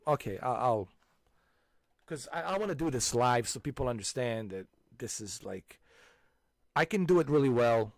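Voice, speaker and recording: A man in his forties chatting casually as a channel host, animated and emphatic, restarting his sentences often. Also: medium pitch, moderate pace, long pauses, no room sound, studio quality. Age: 40s. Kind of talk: casual chat.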